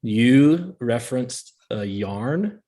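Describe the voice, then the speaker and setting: A man's voice: mid-range voice, animated, extremely slow, dark tone. A man co-hosting a podcast, chatting casually and explaining research with frequent fillers. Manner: chatty, laughs often, explains with many fillers. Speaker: podcast co-host.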